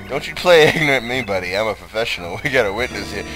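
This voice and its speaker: A young man giving loud, profane let's play commentary with frequent laughing outbursts. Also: fairly low pitch, lively intonation, fast, few pauses, faint music behind. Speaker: let's player.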